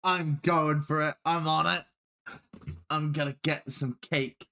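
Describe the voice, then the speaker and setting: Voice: mid-range voice, steady tone, takes it slowly, sharp tone, a little hiss or hum. A player at a tabletop game who rambles while laying out plans at length. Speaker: player, rogue.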